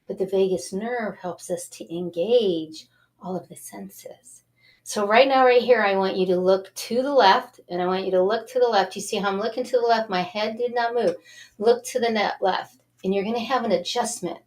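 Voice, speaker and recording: A woman hosting a self-help TV show, talking in an animated, coaxing way as she leads viewers through breathing exercises. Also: mid-range voice, normal speed. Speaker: host.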